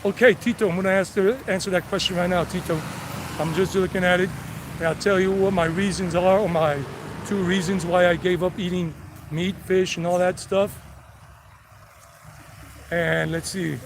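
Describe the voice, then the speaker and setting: A man's voice: high voice, steady tone, normal speed, pauses often. A man with a mix of South Carolina and New York accents, chatting casually on a live-streamed walking tour, rambling as he walks outdoors and reads chat messages from his phone. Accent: mixed South Carolina and New York. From United States. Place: outdoors on city streets, traffic passing. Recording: faint street traffic noise.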